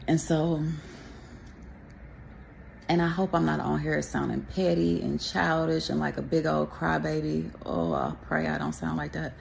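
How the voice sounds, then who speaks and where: A woman's voice: low voice, creaky, darkish tone, a little hiss or hum. A woman from Texas speaking to a camera, sharing a personal faith testimony in a rambling, conversational way with pious asides.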